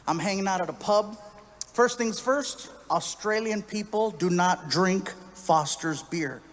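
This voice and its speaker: A man telling a story on stage in stand-up, animated and acting out other people's voices. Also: sits high, measured pace. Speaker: stand-up comedian.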